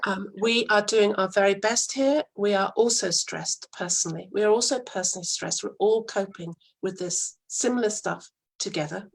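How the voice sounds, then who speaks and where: Woman, husky, firm, emphatic, coaching guest. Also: mid-range voice, moderate pace, hardly any pauses, low-quality recording. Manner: firm, emphatic, acts out example dialogue. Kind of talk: interview over a call.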